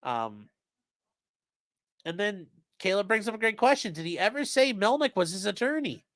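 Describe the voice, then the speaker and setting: Reading a court transcript out loud on a live stream, this man comments along in a casual, profane, animated way and performs quotes in different voices. His voice sits high and his pace is moderate. The sound is dry, studio-grade.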